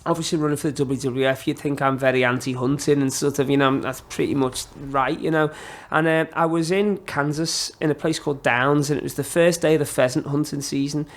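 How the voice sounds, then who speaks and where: A middle-aged man, a podcast guest, telling rambling, animated anecdotes in casual chat, full of fillers. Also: on the high side, brisk, few pauses.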